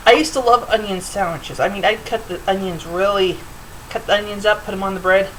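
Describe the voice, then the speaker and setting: A woman's voice: mid-range voice, fairly quick, a bit bright, a little hiss or hum, low-quality recording. A middle-aged woman hosting a home cooking show, chatting loosely with fillers as she demonstrates in her kitchen.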